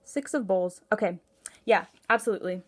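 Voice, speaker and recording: A woman talks through a casual tarot reading from home in a voice of ordinary middle pitch. She rambles and gushes, circling back on herself with plenty of "like" and "um", and keeps the feel of an informal one-to-one reading. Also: normal speed. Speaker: tarot reader.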